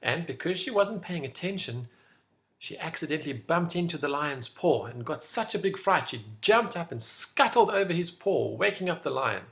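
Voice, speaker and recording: A man leading an online school assembly, telling a fable to children in an animated way. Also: on the high side, moderate pace. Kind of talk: school assembly talk with storytelling.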